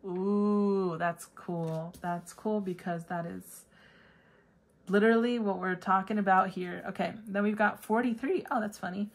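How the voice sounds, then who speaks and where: Chatty woman giving a tarot reading. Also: measured pace. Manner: chatty, bursts into high excited squeals. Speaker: tarot reader. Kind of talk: casual pick-a-card tarot reading.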